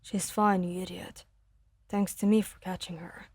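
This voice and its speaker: A woman voicing a gruff, hot-tempered, protective young man who curses and snaps in a lowered voice. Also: little pitch movement, unhurried, darkish tone. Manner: gruff, cursing, snapping.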